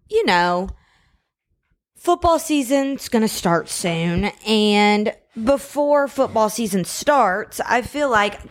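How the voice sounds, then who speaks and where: A young woman hosting her own podcast from home. She rants casually and bluntly, with plenty of fillers. She sounds a little hot and sweaty as she talks. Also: medium pitch. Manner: brash, chatty, opinionated, lots of fillers. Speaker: podcast host. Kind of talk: casual solo podcast rant.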